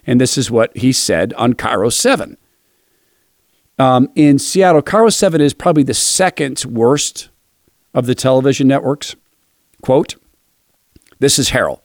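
A man's voice: mid-range voice, animated, unhurried, long pauses, no room sound, studio quality. A man giving sarcastic, mocking political opinion commentary. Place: Seattle area.

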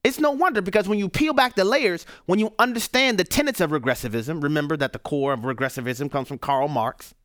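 A man's voice: a little high, brisk, hardly any pauses, a bit bright, no room sound, clean studio sound. A man hosting a radio talk show, giving emphatic political commentary and firing off rhetorical questions. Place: radio studio.

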